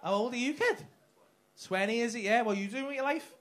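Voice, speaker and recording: A man's voice: very high voice, quick pace, fairly bright tone. A man doing crowd-work stand-up on a comedy club stage, brash and sweary, teasing audience members. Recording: noisy live club recording. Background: audience laughter.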